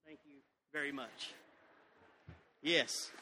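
A man preaching a sermon, emphatic and drawing words out slowly to stress scripture he reads aloud. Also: a little high, bright, forceful tone, long reverb tail.

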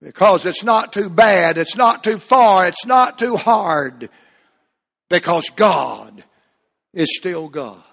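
A man preaching a fiery revival sermon in a bright, high voice. His cadence swings from soft, drawn-out phrases to shouted peaks. The sound carries a long reverb from a large church hall. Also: animated, creaky.

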